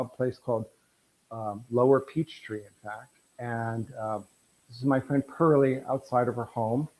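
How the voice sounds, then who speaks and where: A man's voice: medium pitch, mellow, low-quality recording. A middle-aged man presenting his photographs at an artist talk, telling anecdotes in a rambling way with frequent restarts.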